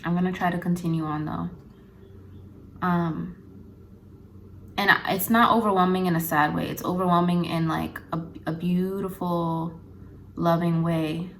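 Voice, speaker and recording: A woman doing a spiritual card reading, speaking haltingly and close to tears, often pausing and restarting as emotion overwhelms her. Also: lowish voice, level tone, a little hiss or hum, low-quality recording. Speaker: intuitive card reader.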